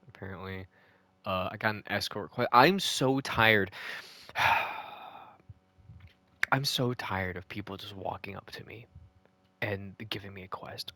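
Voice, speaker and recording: A man's voice: on the low side, fairly bright tone, dry recording. A man recapping a video game, ranting and swearing in frustration. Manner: ranting, profane and exasperated. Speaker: gaming video host. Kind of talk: casual game recap commentary.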